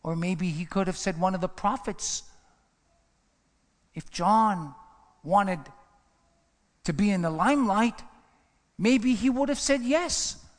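High-pitched preacher man in a reverberant hall. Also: slow pace, pauses often. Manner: passionate, swings from hushed low asides to rising emphatic runs. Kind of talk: sermon.

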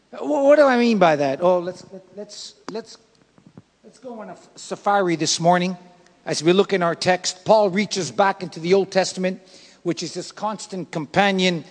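High-voiced man preaching in a reverberant hall. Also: moderate pace. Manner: emphatic preaching with sudden loud and soft swings. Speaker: pastor. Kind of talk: sermon. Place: church sanctuary.

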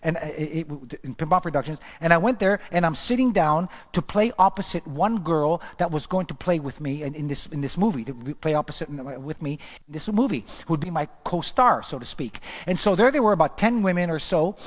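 A male pastor telling his life story in a sermon, chatty and animated, asking the crowd questions and often restarting his sentences. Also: a little high, fairly quick, hardly any pauses. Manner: storytelling, animated, asks the audience questions, repeats himself. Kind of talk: testimony sermon.

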